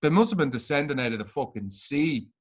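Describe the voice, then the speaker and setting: A man's voice: mid-range voice, expressive, a little fast, husky. A man co-hosting a podcast, chatting bluntly and swearing a lot while telling a story. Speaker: podcast co-host. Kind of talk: casual chat.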